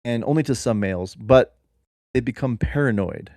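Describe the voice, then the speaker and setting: A man co-hosting a comedy podcast, rambling through an absurd improvised story in a deadpan way. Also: medium pitch, moderate pace, vocal fry, no room sound, clean studio sound. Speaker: podcast co-host.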